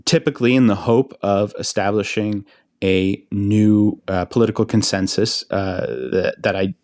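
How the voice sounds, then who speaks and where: An American man co-hosting a podcast, explaining politics in a measured, hesitant way with many fillers. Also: fairly low pitch, fairly even intonation, a little mellow, dry recording, studio quality. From United States. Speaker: podcast co-host.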